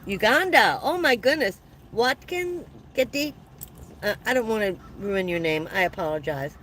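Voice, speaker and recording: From her van, a woman in her 70s runs a casual livestream, reading comments and offering warm thanks between frequent laughs. Her medium-pitched delivery is expressive and slightly quick. Slight background noise comes through on a low-quality recording.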